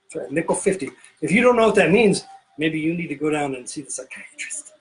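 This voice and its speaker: High-voiced man rambling behind a bar. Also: lively intonation, a little fast, poor audio. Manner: rambling, self-interrupting, playful. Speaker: bartending show host. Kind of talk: casual joke-telling chat while mixing drinks. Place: home pirate-themed bar.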